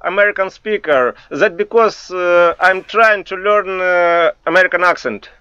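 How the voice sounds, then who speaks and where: A man with a Ukrainian accent speaks English slowly and carefully, stopping to restart his words. His voice sits high and bright. The voice chat sounds dull and lo-fi, with faint noise behind. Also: clear, resonant tone, dry recording. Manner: slow, careful non-native English with restarts. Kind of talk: casual chat in an online game.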